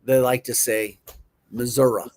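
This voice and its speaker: A man's voice: mid-range voice, fairly even intonation, unhurried, darkish tone. Playful chuckling male show host. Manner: playful, repeats words in mock pronunciations, chuckles often. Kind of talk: casual studio chat.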